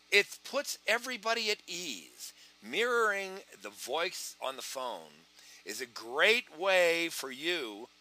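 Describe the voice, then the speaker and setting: A high, lively man's voice with a very bright, forceful edge, recorded close and dry. He teaches in an animated way, acting out phone calls between himself and prospects. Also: no echo. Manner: animated, acts out both sides of phone calls. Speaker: sales trainer. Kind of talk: online training talk with acted phone calls.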